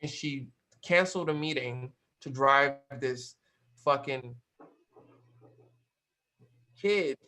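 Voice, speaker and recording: A man from Cape Verde telling a story in a casual interview, animated and slangy, swearing freely. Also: medium pitch, slow pace, pauses often, low-quality recording. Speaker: guest.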